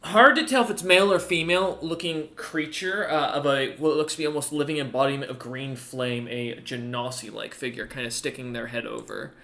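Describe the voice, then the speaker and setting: A man narrating as game master of a tabletop game, pausing often with ums and uhs. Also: mid-range voice, fairly even intonation, creaky, bright, forceful tone, roomy sound. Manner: halting, full of ums and uhs.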